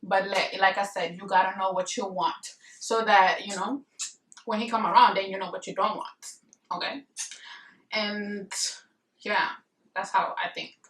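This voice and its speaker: Speaking to the camera in an echoey room, slightly distant from the mic, this young woman vlogger rambles through casual marriage advice, full of fillers, blunt and emphatic. Her medium-pitched voice is a bit bright and fairly even in intonation. She talks a little slowly, leaving long pauses.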